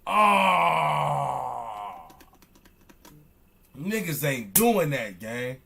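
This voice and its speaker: A young man, reacting on stream in loud, excitable, slangy commentary that keeps repeating itself. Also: fairly high pitch, brisk, slight background noise. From Chicago. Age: young adult.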